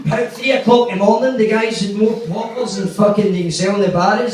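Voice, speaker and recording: A man's voice: sits high, fast talker, very echoey, far from the mic, a loud crowd, poor audio. A man with a Glaswegian accent doing stand-up, telling profane, rambling stories and acting out the quotes. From Glasgow, Scotland. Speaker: stand-up comedian. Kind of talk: stand-up storytelling. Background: audience laughter.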